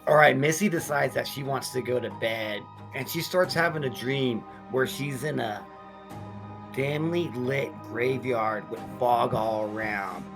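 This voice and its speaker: A man's voice: mid-range voice, gravelly. A man reviewing a horror movie, retelling the whole plot in a blunt, profane, ranting way.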